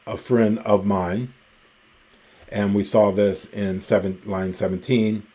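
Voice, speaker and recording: Male teacher, deep voice, unhurried and methodical, lecture delivery with frequent pauses. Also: fairly even intonation, warm tone. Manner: slow, methodical, pausing often with ums. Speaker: Greek teacher. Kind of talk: recorded grammar lecture.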